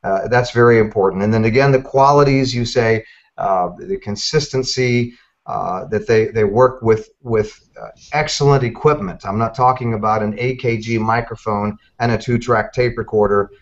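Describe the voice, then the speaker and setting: Halting man talking on a muffled call. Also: on the low side. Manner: hesitant, many fillers and restarts. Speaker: audiobook narrator guest. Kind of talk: casual interview talk.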